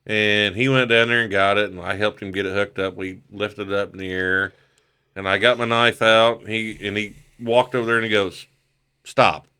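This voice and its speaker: A middle-aged man appears as a podcast guest, casually telling a story, swearing freely and acting out the voices of the people in it. His voice is fairly low, at a moderate pace and clean in tone.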